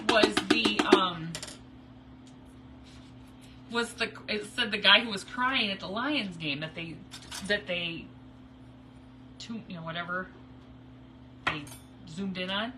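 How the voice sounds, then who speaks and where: A woman's voice: mid-range voice, sharp tone, far from the mic. Woman host, rambling crafting chatter, giggly, mic set back in a noisy room. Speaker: crafter hosting a live stream. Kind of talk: casual chat while crafting.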